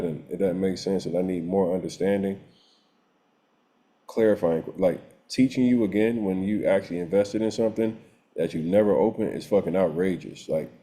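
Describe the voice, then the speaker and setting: A man's voice: low voice, warm tone. A man coaching real estate students in an unscripted rant, blunt and profane, exasperated and laughing often.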